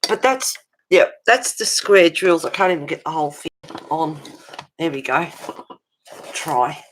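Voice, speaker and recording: A woman's voice: low voice, lively intonation, a little slow, slight background noise. A middle-aged woman hosting a casual livestream at her table at home, chatting with viewers and calling them darling and sweetie. She calls herself fussy and pedantic. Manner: chatty, answers viewers' comments with endearments; self-described fussy and pedantic. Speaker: livestream host of a colouring channel. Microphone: webcam.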